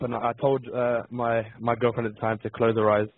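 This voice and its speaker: A man's voice: medium pitch, flat delivery, no room sound. Young london guy on the phone, lots of ums, sounds tinny and dry. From England. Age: young adult. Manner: halting, hesitant, many ums and restarts. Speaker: musician guest. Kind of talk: phone interview.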